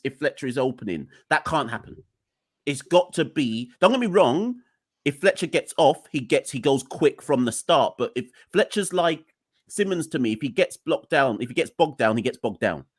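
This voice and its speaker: A man's voice: on the high side, animated, normal speed, breathy edge, no echo, studio quality. Emphatic man ranting as podcast host. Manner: emphatic, exasperated, addresses listeners directly. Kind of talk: opinionated cricket podcast rant.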